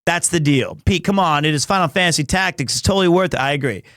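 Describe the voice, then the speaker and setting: A man streaming live in casual chat, excitable, often breaking into shouts and laughter. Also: on the high side, fast talker, smooth, no room sound, clean studio sound. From United States.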